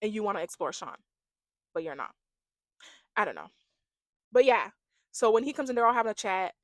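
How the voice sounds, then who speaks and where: A woman giving a gossipy, animated recap of a reality dating show, imitating the cast as she goes. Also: medium pitch, brisk, dry recording. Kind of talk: casual reaction commentary.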